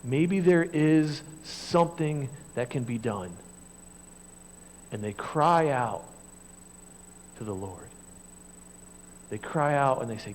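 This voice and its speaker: A middle-aged man preaching a sermon as pastor, speaking conversationally and swinging from hushed, low passages to loud, raised ones when he voices God and the people. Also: lively intonation, takes it slowly, pauses often, slight background noise, low-quality recording.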